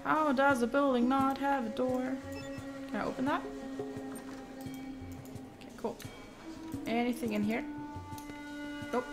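A woman streaming a game live, chatting and reacting out loud as she plays, at a home desk mic. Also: high voice, steady tone, slow pace, pauses often, over music.

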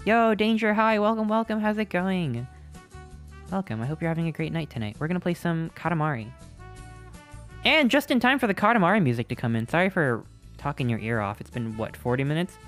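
Chatty streamer, rambling and playful, mid-pitched, faint game music behind. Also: lively intonation, brisk, fairly bright tone. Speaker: live streamer. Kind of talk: casual live-stream chat with viewers.

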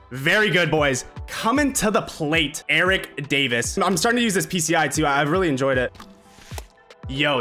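A man giving casual, excitable commentary as he plays a baseball video game, swearing and trash-talking his own players. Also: fairly high pitch. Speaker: gaming video creator. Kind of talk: casual live gameplay commentary.

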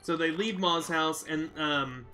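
A man's voice: fairly high pitch, a little slow, soft background music. A young man hosting a let's play, casually retelling a film in a rambling, filler-heavy way. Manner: rambling, filler-heavy storyteller who acts out quotes loudly.

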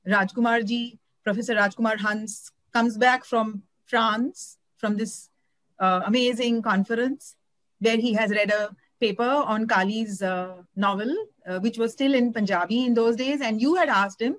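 A woman's voice: a little high, normal speed, no echo, rough recording. A woman from India talking expressively about translating a novel, often searching for words and restarting. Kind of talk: conversational talk about translating.

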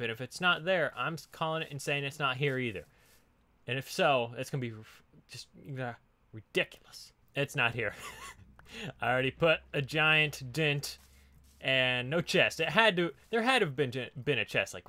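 A man's voice: fairly high pitch, sharp tone, dry recording. A man hosting a let's play, chatting casually and laughing often while he explores and digs. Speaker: gaming channel host.

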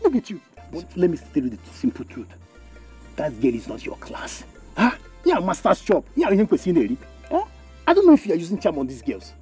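A man's voice: high voice, wildly swooping pitch, a little fast, dark tone, soft background music. An actor playing a boastful, teasing young man with a Nigerian Igbo accent, mocking a friend in mixed Igbo and English.

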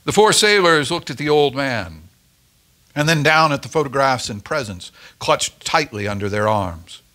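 Expressive male storyteller. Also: mid-range voice, normal speed. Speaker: story reader at a church Advent service. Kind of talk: scripted story reading.

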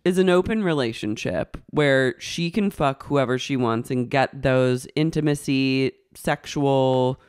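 A man's voice: mid-range voice, unhurried, few pauses, clear, resonant tone, dry recording, studio quality. A man co-hosting a podcast, chatting casually about a reality show and acting out quotes. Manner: chatty, acts out quotes in raised voices. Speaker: podcast co-host.

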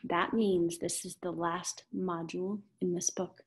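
A woman's voice: fairly low pitch, little pitch movement, a little slow, slight background noise. A woman teaching a kindergarten math video lesson, cheerful and encouraging, with an exaggerated voice for young children.

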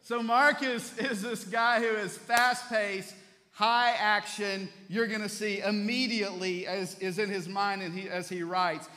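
A male pastor preaching a Sunday sermon in a church, telling stories in an animated way and often restarting his phrases. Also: sits high, measured pace, in a large hall. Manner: animated storytelling preacher, repeats words as he restarts. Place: church sanctuary.

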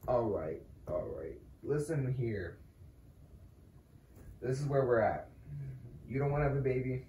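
A man's voice: mid-range voice, animated, unhurried, dark tone, highs cut off, a little hiss or hum. A young man playfully and insistently teasing his wife in a casual prank video. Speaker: prankster husband. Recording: echoey room, mic at a distance.

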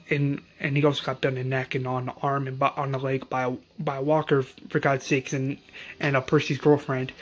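A man casually recapping an episode as channel host, excitable and rambling, with many restarts and slang. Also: medium pitch.

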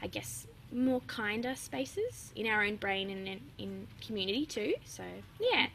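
A woman's voice: medium pitch, sing-song, unhurried, fairly bright tone, slight background noise, rough recording. A young adult woman, chatting openly as an interview guest, with lots of fillers and frequent laughs. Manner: open, chatty, laughs often, many fillers. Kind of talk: casual interview chat.

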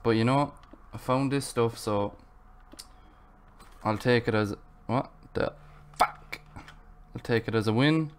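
A man's voice: mid-range voice, takes it slowly, long pauses, clear, resonant tone. A man narrating his Minecraft gameplay, frustrated and swearing as he rambles to himself. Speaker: gaming channel host.

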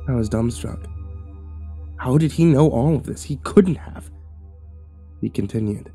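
A man narrating a first-person horror story in a subdued, measured way. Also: medium pitch, mellow, slightly rough, soft background music.

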